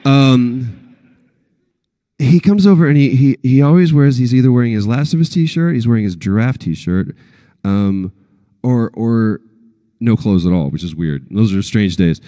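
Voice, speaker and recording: Man, forties, convention panel talk, animated anecdotes, warm relaxed tone. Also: mid-range voice, a little slow. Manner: animated storyteller, acts out quotes.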